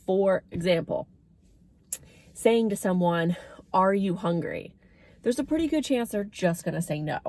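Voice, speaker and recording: A woman's voice: medium pitch, lively intonation, a little slow, pauses often, a little mellow, no echo. Chatty woman explaining with acted-out quotes. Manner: chatty, acts out quoted phrases in a lifted voice. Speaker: dementia care educator. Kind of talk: casual educational vlog.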